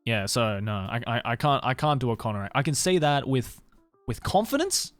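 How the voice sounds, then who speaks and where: A man's voice: mid-range voice, a little fast, a bit bright, smooth, dry recording, faint music behind. A young man with an Australian accent chatting casually with his live-stream viewers, loose and rambling, swearing and laughing often.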